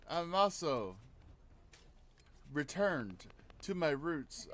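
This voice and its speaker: A man hosting a casual gaming podcast, talking in an easygoing, playful way. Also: fairly high pitch. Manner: easygoing, playful sign-off talk. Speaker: podcast host and panelist.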